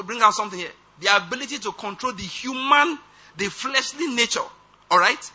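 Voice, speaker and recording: A man's voice: sits high, pushed and bright, slightly rough. A man preaching a conversational sermon, often checking whether listeners follow his point. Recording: dull lo-fi sound.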